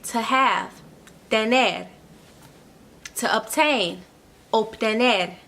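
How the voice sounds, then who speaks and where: A Spanish tutor gives an online language lesson in a bright, forceful, slightly high-pitched voice with some vocal fry. She patiently works through each point, repeats phrases, and checks in with a quick "okay?".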